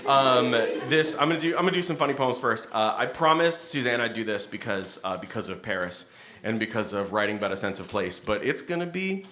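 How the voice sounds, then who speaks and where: A man's voice: mid-range voice, expressive, a little fast, sharp tone. A male poet reading his spoken word poems live, with rambling, self-deprecating, laughing asides between them. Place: event hall with audience. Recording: echoey hall.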